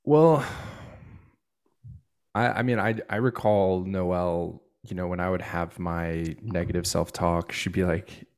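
A man's voice: deep voice, measured pace, darkish tone, smooth. A man in his thirties co-hosting a podcast, talking in a laid-back, rambling way with lots of fillers. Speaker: podcast co-host. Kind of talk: casual podcast chat.

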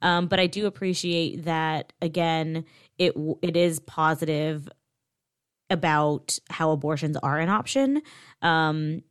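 A young woman co-hosting a podcast in casual chat, animated and blunt, laughing easily. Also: sits low, slow pace, clean tone, no room sound, clean studio sound. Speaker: podcast co-host.

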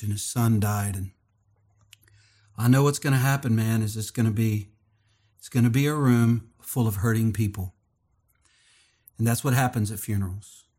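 A man preaching a sermon as pastor, telling stories and acting out the dialogue in a higher voice. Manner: animated storytelling, acts out dialogue in a higher voice.

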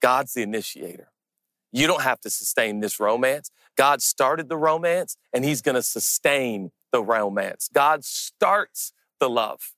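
A young man preaching with emphatic, deliberate delivery, drawing out key words for weight. His voice sits at an ordinary middle pitch. The sound is dry and close, with no room echo. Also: bright, forceful tone. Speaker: pastor. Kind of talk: sermon.

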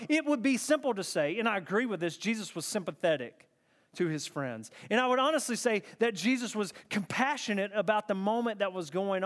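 A man preaching a sermon, emphatic and repetitive, moving from hushed to intense. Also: sits high. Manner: emphatic, repeating phrases, swinging from hushed to intense.

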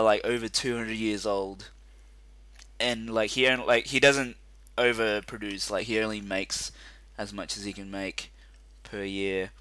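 A man co-hosting a casual chat, rambling and animated with lots of fillers. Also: lowish voice, no echo. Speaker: podcast co-host.

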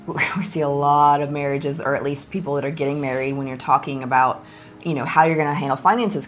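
Low-voiced blunt woman talking relationships. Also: a little hiss or hum. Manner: blunt and direct, filler-heavy. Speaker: ministry co-host. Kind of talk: casual conversation about marriage.

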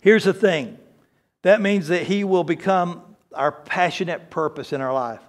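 A man's voice: high-pitched, unhurried. A man preaching a sermon, earnest and emphatic, telling a story to make his point. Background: faint guitar music.

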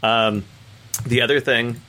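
A young man co-hosting a podcast, chatting in a relaxed, rambling way with many fillers. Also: medium pitch, takes it slowly. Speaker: podcast co-host. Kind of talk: casual chat.

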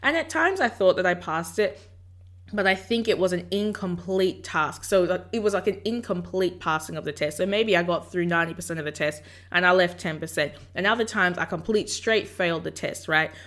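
On her podcast, a woman with a lowish, slightly bright voice speaks briskly about faith, casual and reflective in tone. It's an encouraging talk in which she voices her inner dialogue aloud.

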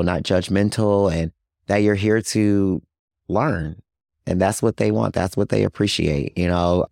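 A man with a very low voice talks earnestly as an interview guest about his outreach work. He leans on "you know" as he goes. The sound is dry and close. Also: vocal fry, darkish tone, no room sound. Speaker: guest, HIV outreach worker. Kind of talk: casual interview talk.

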